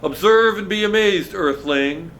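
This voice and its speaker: Man putting on a small brainy boy, know-it-all, precise lecturing diction, pitched higher, louder, storybook reading. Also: a little slow, a little hiss or hum.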